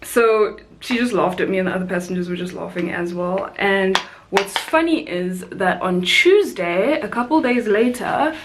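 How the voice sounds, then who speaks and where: A woman's voice: normal speed, noisy background. A young woman from South Africa, a flight attendant vlogger, chatting casually and animatedly while doing her makeup. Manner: chatty, animated storyteller, rising high for quoted voices. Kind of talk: casual makeup chat and storytime.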